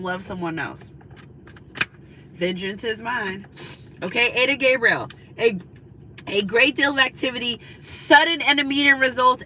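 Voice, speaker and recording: A woman's voice: fairly high pitch, bright, forceful tone, slight background noise, poor audio. A woman giving a spiritual tarot reading, talking in a chatty, confiding way and often checking in with her listeners. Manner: chatty, confiding, repeats "you know what I'm saying". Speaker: tarot reader. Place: in a car.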